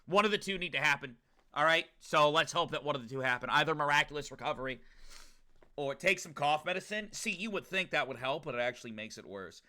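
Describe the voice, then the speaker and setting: A man's voice: fairly high pitch, animated, quick pace, sharp tone. A young man streaming, chatting casually and profanely with his viewers, joking loosely between rambles. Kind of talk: casual livestream chat to viewers.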